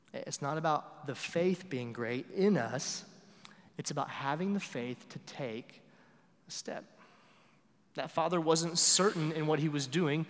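A young male pastor preaching a sermon in a conversational way, repeating words and swinging between loud emphasis and quiet asides. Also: on the high side, long reverb tail.

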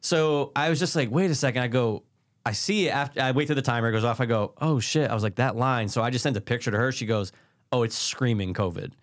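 A male podcast co-host, getting over covid, chatting and telling stories with plenty of "yeah"s. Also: medium pitch. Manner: quick, chatty, lots of agreeing. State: ear still blocked after covid. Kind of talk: casual chat.

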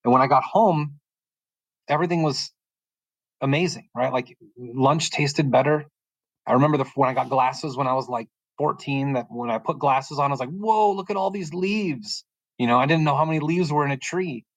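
A middle-aged man from the United States telling a personal faith testimony in a calm, soft-spoken way, often pausing and restarting as he gets emotional. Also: medium pitch, no echo. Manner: halting and emotional, frequent restarts. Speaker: podcast guest sharing testimony. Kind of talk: personal testimony, casual storytelling.

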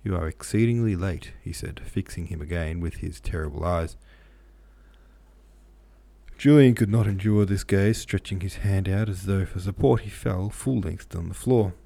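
Audiobook narrator, male, low and gravelly, measured delivery. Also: mellow. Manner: measured, occasionally self-correcting. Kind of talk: reading a classic novel aloud.

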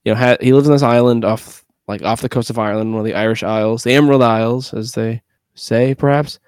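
A man's voice: medium pitch, fairly even intonation, fast, darkish tone, clean tone, dry recording, studio quality. Wry, laid-back male podcast co-host. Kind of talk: casual chat.

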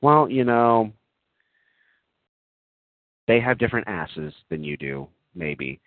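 A man doing comedic, earnest role-play for an online group chat. He talks in a gentle, overly earnest way, full of giggles and ums. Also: fairly low pitch, very animated, unhurried, pauses often, no room sound. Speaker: comic prankster addressing an online group chat. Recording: tinny phone-like sound, dry.

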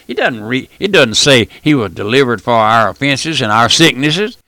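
A man's voice: mid-range voice, expressive, moderate pace, sharp tone, dry recording. A man preaching a folksy radio sermon, emphatic and full of rhetorical questions.

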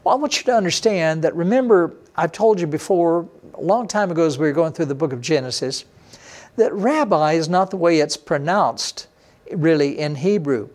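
A middle-aged male pastor delivers a sermon in a slightly high voice. He preaches emphatically, with loud, lifted bursts that fall back to low, quiet stretches. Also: animated, normal speed. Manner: emphatic preaching with sudden rises and drops in pitch and loudness.

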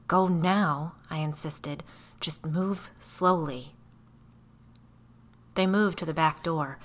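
A woman reading a first-person story aloud in a measured, tense storytelling manner. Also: deep voice, fairly bright tone. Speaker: audiobook narrator.

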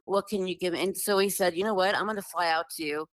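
A woman's voice: on the low side, fast, no room sound, poor audio. A woman telling a long personal story in a casual, earnest way, full of "like" and restarts. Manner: earnest, animated, filler-heavy with many restarts. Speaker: guest telling her story.

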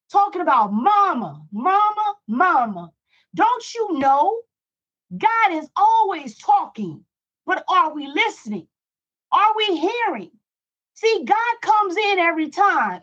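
A woman's voice: extremely high pitch, a bit bright. A middle-aged woman preaching a Bible study, emphatic and repetitive, full of rhetorical questions. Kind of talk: preaching to listeners. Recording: dull lo-fi recording.

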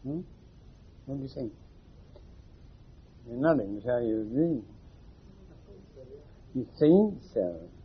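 A man's voice: mid-range voice, animated, takes it slowly, pauses often, a little hiss or hum. A man gives an informal spiritual talk to a small group, wry and teasing, putting questions to his listeners. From England. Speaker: spiritual teacher. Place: meeting room with a small audience. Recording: muffled 1980s tape recording.

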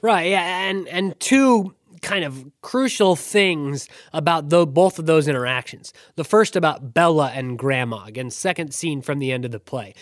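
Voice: mid-range voice, moderate pace, few pauses, dry recording, studio quality. A podcast co-host analysing a play in casual chat, thoughtful and discursive, with wry asides.

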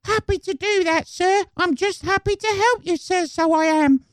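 A man's voice: extremely high pitch, moderate pace, fairly bright tone, dry recording, studio quality, pitched above the performer's own voice. A man voicing a plucky, eager cockney sidekick, servile and keen to please, in a cockney accent. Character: high-pitched plucky cockney male sidekick, eager servant.

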